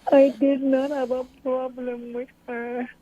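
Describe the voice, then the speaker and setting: High-voiced woman over a phone. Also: measured pace. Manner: earnest, storytelling, animated retelling. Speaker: grieving mother interviewee. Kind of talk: recounting events in an interview. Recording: tinny phone-like audio.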